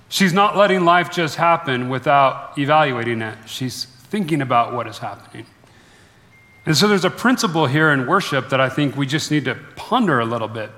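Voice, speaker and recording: A man preaching a sermon with a bright, forceful voice. He is earnest and reflective, easing softly onto key words, and his voice carries a long echo from the hall. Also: medium pitch. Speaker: pastor.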